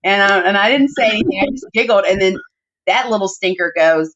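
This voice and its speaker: A woman's voice: mid-range voice, expressive, fairly quick, fairly bright tone. A woman, a podcast guest, telling personal family stories in a chatty, heartfelt way, with plenty of "like" and "you know" fillers. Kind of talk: personal storytelling in conversation. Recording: dull muffled audio.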